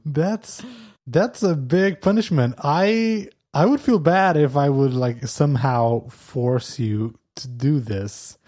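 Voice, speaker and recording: Man, podcast host, mellow slightly high voice, casual laughing chat, faint music. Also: slow pace. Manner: chatty, laughing, stumbling restarts.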